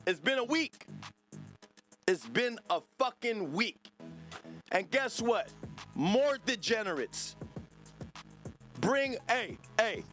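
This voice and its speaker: High-voiced man ranting, profane. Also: a bit bright. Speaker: podcast host. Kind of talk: livestream rant to chat.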